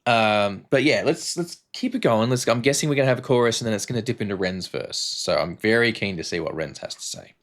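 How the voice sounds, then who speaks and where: A man's voice: lowish voice, lively intonation, a little fast, few pauses, a little hiss or hum. A man co-hosting a music reaction show, talking earnestly in casual chat and swearing freely. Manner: earnest, swears freely, talks through ideas with restarts.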